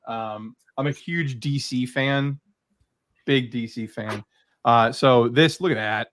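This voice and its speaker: A man's voice: medium pitch, slow, a bit bright. A man chatting casually and eagerly about his collection as a guest creator, rambling with lots of fillers. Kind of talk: casual video chat.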